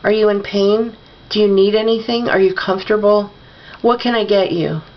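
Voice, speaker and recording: A woman voicing a fretful mother in a storybook reading, talking quickly with worry. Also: medium pitch, fairly even intonation, highs cut off, voice pushed up, natural voice. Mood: fretting. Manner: rapid worried talk. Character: fretful mother fussing over her injured daughter.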